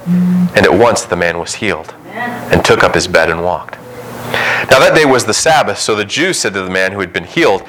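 Animated man preaching, low voice. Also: normal speed, a little hiss or hum, poor audio. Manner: animated, dramatic reading of scripture and quoted voices. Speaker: pastor. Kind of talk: sermon.

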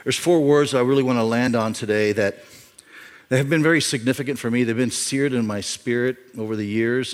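Middle-aged male pastor, mid-range voice, emphatic sermon delivery with echoing hall reverb. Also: medium pitch. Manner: emphatic, repeats key phrases, swings from loud to quiet.

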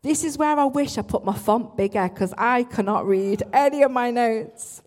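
A woman's voice: on the high side, normal speed, a little mellow. A woman worship leader, giving an earnest church talk with frequent asides and restarts. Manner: earnest, self-interrupting, apologetic asides.

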